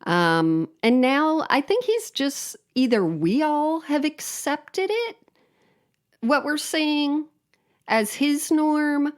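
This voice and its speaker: A woman co-hosting a podcast, chatting casually in an unhurried way. Her humor is dry and deadpan, and she often laughs at her own jokes. Her pitch sits in the middle of the usual range. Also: smooth. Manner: wry, deadpan joking with laughs. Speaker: podcast co-host. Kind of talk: casual chat.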